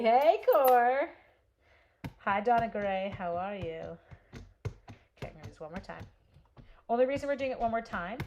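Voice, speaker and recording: A woman's voice: mid-range voice, darkish tone, slight background noise. A woman hosting a live craft demonstration. She chats casually with her viewers as she works and answers their comments. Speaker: host demonstrating card stamping. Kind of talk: live craft demo with chat.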